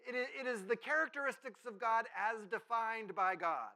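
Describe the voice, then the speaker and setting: Bright-voiced male pastor preaching conversationally. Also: extremely high pitch, normal speed. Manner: conversational preaching with playful sarcasm and lively acted asides. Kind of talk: sermon.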